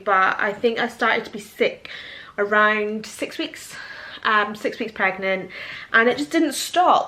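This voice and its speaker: A woman's voice: medium pitch, fairly bright tone. Emotional, tearful young woman vlogging. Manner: emotional, tearful, rambling with many ums. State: teary and tired. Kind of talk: casual vlog chat. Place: at home indoors. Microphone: handheld camera.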